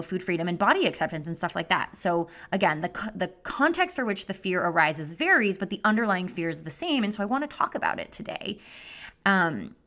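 A health coach hosting her own podcast talks solo in a casual, chatty, effusive way, scattering "like" throughout. Her voice is medium-pitched with a fairly bright tone.

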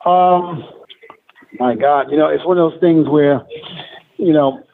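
A man's voice: a little high, measured pace, vocal fry. Man telling stories over a tinny line. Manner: rambling storyteller, frequent fillers. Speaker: guest. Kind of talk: casual chat. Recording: tinny phone-like remote line with faint noise.

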